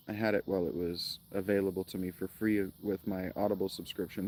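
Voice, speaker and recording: Male streamer, lower voice, loose rambling commentary with sarcastic jokes. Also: brisk. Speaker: gaming streamer. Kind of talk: casual gameplay commentary.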